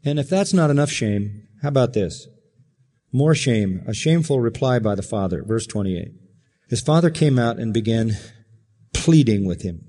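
A man preaching an expository sermon with emphatic delivery and dramatic pauses, acting out the quotes he reads. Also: medium pitch, mellow, in a large hall.

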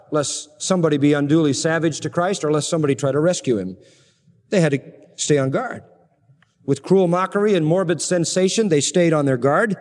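Emphatic preacher man in a reverberant hall. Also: darkish tone. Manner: emphatic, dramatic swings in pitch and pace. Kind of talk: expository sermon. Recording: long reverb of a large hall.

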